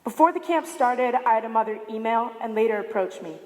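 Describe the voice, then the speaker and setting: In a large hall, a young student speaker with a fairly high voice talks fairly quickly through a prepared symposium speech. She recounts a story and animates the quotations by acting them out.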